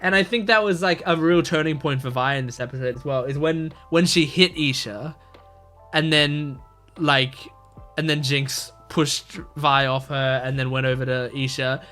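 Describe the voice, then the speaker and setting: A man with a fairly high voice thinks aloud through a casual reaction commentary, full of "um"s, "like"s and restarts. Soft music plays faintly behind him. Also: normal speed. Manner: rambling, filler-heavy, thinking aloud. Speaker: reaction video host.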